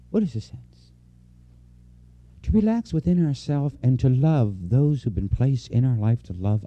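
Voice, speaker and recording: A man delivers a conversational sermon to his congregation in a very dark, mellow voice. He speaks earnestly and personally, repeating key phrases for emphasis. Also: medium pitch, dull audio. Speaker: preacher. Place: church before a congregation.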